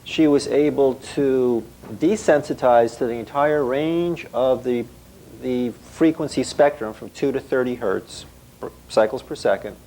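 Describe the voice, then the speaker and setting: A man's voice: mid-range voice, unhurried, mellow, a little hiss or hum, rough recording. Man telling a therapy case story. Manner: storytelling, acting out quoted dialogue. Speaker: psychotherapist. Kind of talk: clinical case anecdote.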